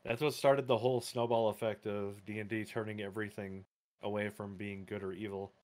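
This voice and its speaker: Blunt sarcastic man, lowish voice. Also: level tone, brisk, a little mellow. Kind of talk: casual chat.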